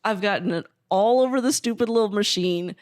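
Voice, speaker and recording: A woman co-hosting a podcast, telling a story in a casual, animated way and swearing freely. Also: medium pitch, fairly quick, no echo, clean studio sound. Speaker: podcast co-host.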